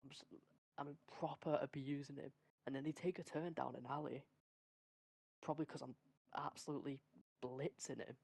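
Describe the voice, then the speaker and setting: Gravelly-voiced young Englishman. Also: mid-range voice, normal speed, long pauses, dry recording. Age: young adult. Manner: energetic, rambling, swears freely. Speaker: podcast host. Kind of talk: casual storytelling among friends.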